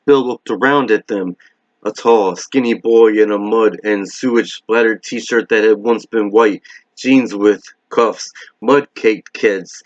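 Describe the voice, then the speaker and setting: Man narrating a horror novel, steady and measured, low voice, dry close mic. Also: no echo. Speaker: reader. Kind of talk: reading a novel aloud. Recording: dull lo-fi recording.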